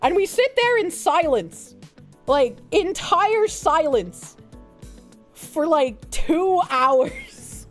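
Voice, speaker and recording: A woman streamer telling a story in a casual, animated way, swearing, laughing and mocking the people she quotes. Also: very high voice, drawn-out words, soft background music.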